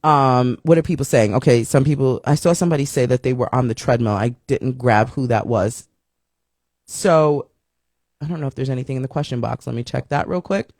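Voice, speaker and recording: A woman's voice: very deep voice, a little fast, no room sound, studio quality. A woman hosting a casual live-stream show, chatting upbeat and reading viewer comments aloud. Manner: upbeat, lively greetings.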